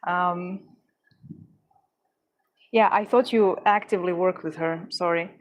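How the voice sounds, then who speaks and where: A woman's voice: on the low side, brisk, a little hiss or hum. A woman hosting a livestream, chatting casually with viewers and stuttering, with frequent restarts and fillers. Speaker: livestream host. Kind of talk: casual chat answering viewers.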